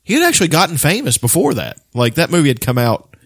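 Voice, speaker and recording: A man co-hosting a podcast in casual chat, animated and swearing a lot. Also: on the high side, quick pace, no room sound, clean studio sound. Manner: animated, profane, rambling. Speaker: podcast co-host.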